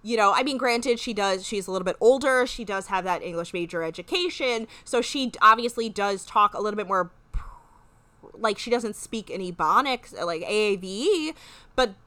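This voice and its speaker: A woman in casual chat, recapping a reality show with animated retellings and free swearing. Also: mid-range voice, moderate pace, no room sound. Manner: animated, swears freely, acts out quoted lines. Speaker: podcast co-host.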